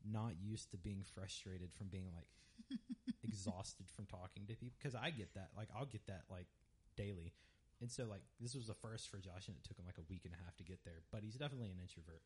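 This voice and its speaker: A young man co-hosting a podcast, telling stories in a rambling, animated casual chat full of fillers. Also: lowish voice, brisk, husky. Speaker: podcast co-host.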